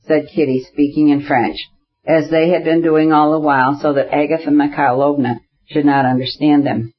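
A man narrating a novel in a steady, measured reading. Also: fairly high pitch, dull audio. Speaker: audiobook narrator. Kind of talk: scripted narration.

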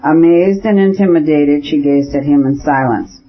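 Male audiobook narrator, fairly high husky voice, measured reading, dull lo-fi recording. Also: steady tone. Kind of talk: scripted narration of a classic novel.

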